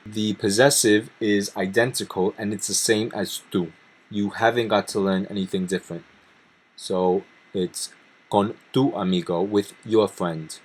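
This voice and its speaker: A man's voice: lowish voice, steady tone, a little slow, husky. A man teaching a language lesson, explaining grammar step by step and reading example sentences aloud. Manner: methodical, reads Spanish examples aloud between English explanations. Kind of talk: explaining grammar over slides.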